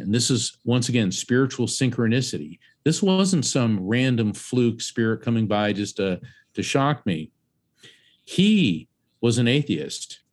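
Animated male medium telling a story. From Central Florida. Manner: animated storyteller, acts out voices and raises his pitch sharply. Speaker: psychic medium and author. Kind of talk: storytelling interview guest.

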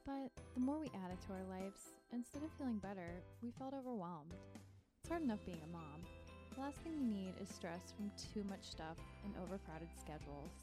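A woman's voice: mid-range voice, expressive, normal speed. A woman co-host reading a scripted podcast introduction. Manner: read from a script. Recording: music bed under voice.

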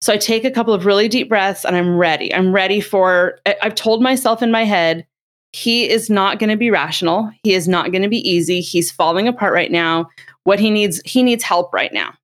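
Middle-aged woman, parenting expert, conversational, animated storyteller, acts out quotes. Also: medium pitch, fairly quick. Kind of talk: conversational explaining.

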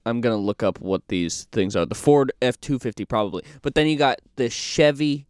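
A podcast co-host in Portland, Maine rambles through casual chat, halting, restarting and using lots of fillers. His mid-range voice is a little mellow, clear and resonant, in a dry studio-quality recording.

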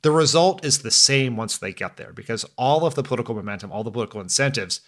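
A man co-hosting a podcast, talking politics in a fast, emphatic and animated way. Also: medium pitch. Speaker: podcast co-host. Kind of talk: casual political chat.

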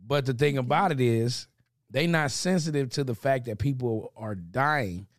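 A young man holds court on a podcast, rambling through stories in loose, easygoing banter. His voice sits at an ordinary middle pitch. It sounds close and dry, with no room around it. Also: normal speed, no echo. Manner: loose storytelling, jumps into impressions. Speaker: podcast co-host. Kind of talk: casual banter.

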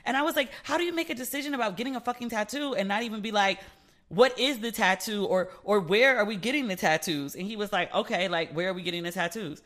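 A man with a high, bright voice hosts a solo podcast in a loose, confiding way. He swears freely and acts out both sides of remembered conversations. His talk is casual and unscripted throughout. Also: fast. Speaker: podcast host; relationship advice podcaster.

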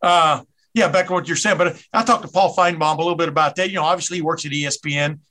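A sharp-toned, slightly high male voice comes fast from a middle-aged podcast host with a Southern US accent. During a casual interview he keeps rambling and chatting, interrupting himself mid-thought again and again.

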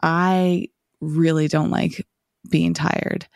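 A woman's voice: sits low, flat delivery, extremely slow, gravelly, darkish tone, no room sound, studio quality. A woman hosting a solo podcast, talking through her thoughts in a rambling, reflective way with many filler "like"s. She sounds tired and slightly scratchy. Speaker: podcast host.

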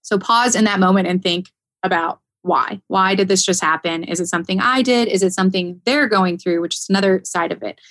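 A woman in casual podcast conversation, telling a story in an animated way and laughing often. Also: medium pitch, fairly quick, no room sound. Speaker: caregiver.

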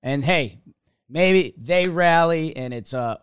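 A man co-hosting a sports podcast, chatty and often laughing, with halting restarts. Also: a little high, smooth, no echo. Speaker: podcast co-host. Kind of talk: casual sports talk.

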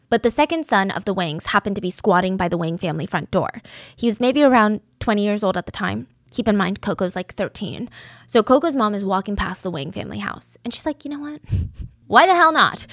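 A woman's voice: mid-range voice, quick pace, dry recording, studio quality. Chatty woman retelling a true crime story. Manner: chatty, animated, acts out quotes. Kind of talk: casual storytelling.

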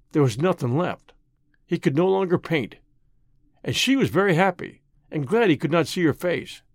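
A man reading an audiobook, voicing a doctor who talks in a quick, nervous and irritable way with dry sarcasm. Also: fairly high pitch, no echo. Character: curt, sardonic male doctor.

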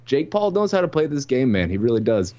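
A man in a casual podcast chat who jokes and breaks off to restart his sentences. His voice sits in a middle pitch, and the audio sounds dull and lo-fi. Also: brisk. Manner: animated, joking, restarts mid-sentence. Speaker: podcast co-host.

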